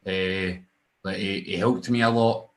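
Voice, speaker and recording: A young Scottish man tells stories in relaxed, profane chat. He gets animated and slips into other people's voices as he recounts what they said. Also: sits low, measured pace. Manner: animated, swearing, acts out other voices in his anecdotes. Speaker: guest wrestler. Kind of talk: casual storytelling chat.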